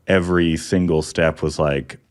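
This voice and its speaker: A very deep-voiced man speaks slowly and reflectively about his faith. He hesitates often and restarts his sentences as he shares a personal story. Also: fairly even intonation. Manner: halting, reflective, with many ums and restarts. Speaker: guest. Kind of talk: personal testimony in casual chat.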